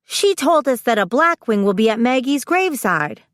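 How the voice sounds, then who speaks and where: A woman's voice: fairly high pitch, big pitch swings, normal speed, dry recording, studio quality, pitched above the performer's own voice. A woman voicing an alarmed, indignant woman. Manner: exclaiming, indignant. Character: alarmed adult woman arguing at a campfire gathering.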